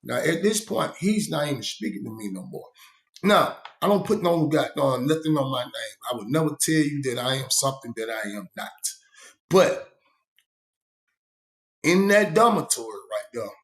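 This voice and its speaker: A man's voice: mid-range voice, lively intonation, normal speed, a bit bright, roomy sound. A man telling a story in a rambling, profane, conversational monologue. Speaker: vlogger.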